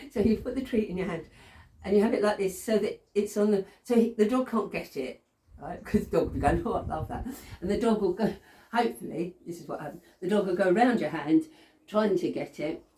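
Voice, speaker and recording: A woman's voice: mid-range voice, warm tone, slight background noise. Chatty woman dog trainer, echoey room. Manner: chatty, laughs often, says okay a lot. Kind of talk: casual demonstration lesson. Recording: roomy sound from a distant camera mic.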